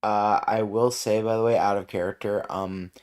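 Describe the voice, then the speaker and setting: A tired man taking part as a player in a casual tabletop game, speaking in a low-key, unhurried way. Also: fairly even intonation, a little mellow.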